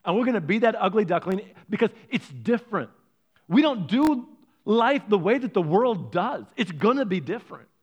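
Pastor, male, high-pitched, preaching with lively humor. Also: moderate pace, muffled recording. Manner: lively storytelling, playful asides to the congregation. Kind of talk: sermon.

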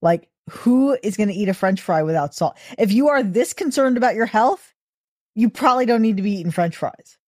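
A woman's voice: medium pitch, expressive, fairly quick, darkish tone, dry recording, studio quality. Blunt opinionated female co-host. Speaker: podcast co-host. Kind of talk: casual chat.

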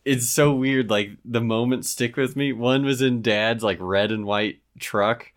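A young man with a mid-range voice, chatting easily and recounting memories. He often pauses to gather his thoughts. The tone stays relaxed throughout. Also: mid-range voice. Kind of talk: casual chat.

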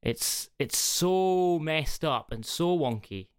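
A podcast co-host in casual chat, telling stories with animation and swooping into high voices. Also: lively intonation, slow pace, clean tone, dry recording, clean studio sound.

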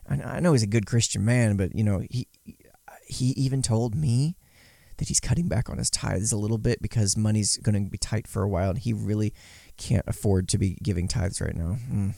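A man's voice: lowish voice, normal speed, vocal fry, dark tone, dry recording, clean studio sound. A man giving casual commentary, sarcastic and mocking, sometimes voicing quotes in exaggerated tones. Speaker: podcast commentator.

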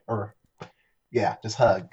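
A man's voice: on the low side, steady tone, takes it slowly, darkish tone, breathy edge, dull audio. A man co-hosting a podcast, chatting casually and telling rambling stories with lots of restarts. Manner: rambling storyteller with many restarts. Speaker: podcast co-host. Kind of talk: casual chat.

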